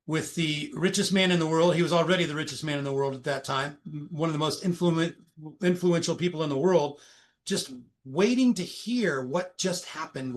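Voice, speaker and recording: A middle-aged man, a recruiter, retelling a workplace story as a guest in a conversational interview. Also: on the high side. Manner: animated, anecdotal retelling.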